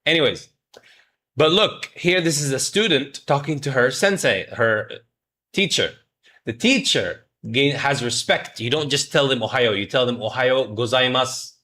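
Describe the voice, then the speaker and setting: Man, medium pitch, forceful bright tone; playful stream teacher drilling phrases. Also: expressive, normal speed. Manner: jokey, mock-scolds chat, drills pronunciation. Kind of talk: playful livestream lesson.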